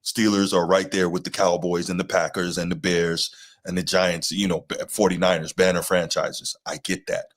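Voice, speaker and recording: A man's voice: deep voice, flat delivery, moderate pace. A man hosting a casual sports podcast, easygoing, steering the talk and inviting callers. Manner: easygoing, steers the talk, reads out the call-in number. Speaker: podcast host.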